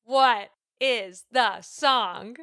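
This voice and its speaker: On a laid-back podcast, a female co-host tells stories in an animated, chatty way, her voice bright with a tense edge yet crisp and smooth. She drops plenty of "um" and "like." Her pitch sits on the high side and she speaks extremely slowly.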